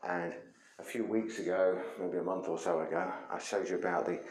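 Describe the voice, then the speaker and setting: Deep-voiced man teaching martial arts. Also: steady tone, brisk, a little mellow, echoey room, slight background noise, low-quality recording. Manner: conversational, explaining with demonstrations. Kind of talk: demonstration lesson.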